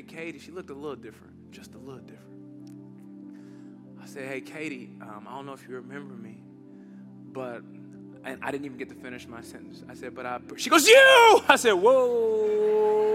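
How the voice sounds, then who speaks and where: A man preaching a sermon in a church, storytelling with big swings from loud excitement to soft, hushed moments. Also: medium pitch. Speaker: pastor.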